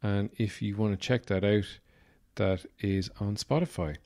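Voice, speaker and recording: A warm, lowish male voice, going a little slowly, belongs to an Irish podcast host. He drifts through a wryly funny, casual monologue sprinkled with fillers.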